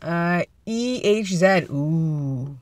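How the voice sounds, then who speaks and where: Slow, rambling playful vlogger. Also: medium pitch, no room sound. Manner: playful, rambling, quick to laugh at own jokes. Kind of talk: casual chat.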